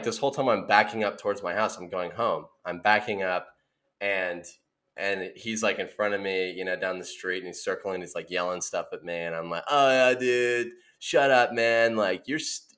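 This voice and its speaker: A young man with a fairly low speaking voice trades childhood stories on a casual podcast. He laughs often and jumps up into a high voice to act out what he said. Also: moderate pace. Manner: animated storyteller, laughing often, acting out quotes in a high voice. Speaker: podcast co-host. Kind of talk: casual chat.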